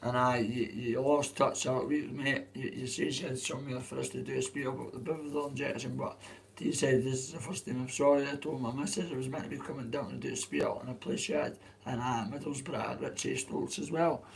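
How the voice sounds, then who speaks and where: A hoarse adult man with a Dundee Scottish accent, chatting on a livestream in a rambling, sweary way. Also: medium pitch, steady tone, a little fast, slight background noise, low-quality recording. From Dundee, Scotland. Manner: swears freely, restarts often. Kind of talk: rambling casual livestream chat.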